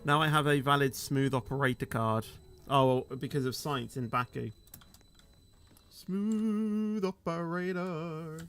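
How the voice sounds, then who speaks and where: A man's voice: mid-range voice, fairly even intonation, normal speed, a bit bright, soft background music. A man chatting casually on a game livestream, rambling and peppering his sentences with "you know", his voice rising at the end of sentences. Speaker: game streamer.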